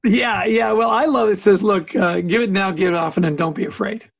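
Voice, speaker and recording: A man's voice: high voice, a little fast, creaky, no echo. A man being interviewed as an author, telling stories with energy, acting out both sides of the dialogues and laughing between points. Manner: lively storyteller who acts out both sides of dialogues. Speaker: author and guest. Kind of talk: conversational interview answer.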